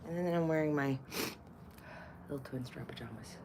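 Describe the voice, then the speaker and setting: A woman in her fifties chatting casually to camera as a vlogger, loud and playful, with crude jokes and swearing. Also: sits low, moderate pace, gravelly, noisy background. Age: 50s. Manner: loud and playful, swings to loud bursts and whispers.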